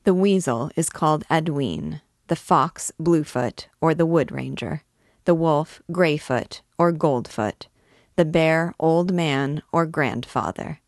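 A woman's voice: sits low, takes it slowly, no room sound, clean studio sound. A woman reading aloud, voicing a commanding male chief of vagrants who instructs his followers. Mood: instructing. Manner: instructive, listing lore.

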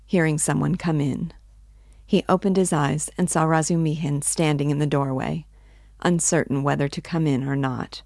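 Woman reader with a low voice, dry close mic; expressive audiobook narration of a classic novel. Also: no echo. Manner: expressive, voices characters' inner speech. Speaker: reader and literature teacher. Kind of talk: dramatic audiobook reading.

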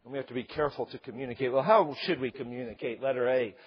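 A middle-aged male pastor preaching a sermon, animated and joking, acting out quotes along the way. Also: mid-range voice, fast, husky. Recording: slightly dull lo-fi sound.

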